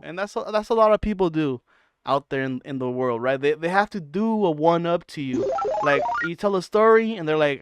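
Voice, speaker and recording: A man's voice: a little high, expressive, a little fast, smooth. A man hosting a reaction channel, giving blunt, mocking casual commentary and acting out quotes.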